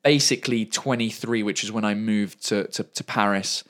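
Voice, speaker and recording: Lively English man in his thirties. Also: lowish voice, moderate pace. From England. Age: 30s. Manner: fluent, lively, repeats words when searching. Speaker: guest comedian. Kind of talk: casual interview chat.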